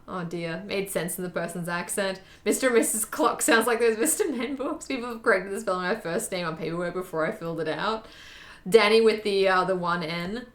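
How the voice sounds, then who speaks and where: A woman's voice: mid-range voice, fairly bright tone, reverberant. A young Australian woman chatting casually with viewers while she sews, reading comments aloud, joking and laughing at herself. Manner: chatty, self-mocking, laughs often, reads chat aloud. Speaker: sewing streamer. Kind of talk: casual live-stream chat while sewing.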